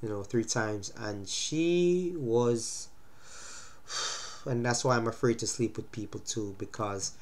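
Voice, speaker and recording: A man's voice: medium pitch, slow pace, a little mellow. A young man speaks to camera in a casual vlog, his voice stuffed up and light from a cold. He lectures about relationships in a mid-range voice and keeps stopping to ask whether the listener understands. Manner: lecturing, repeatedly asks "you understand?". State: congested from a cold. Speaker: vlogger giving relationship advice. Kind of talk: casual talking-to-camera monologue.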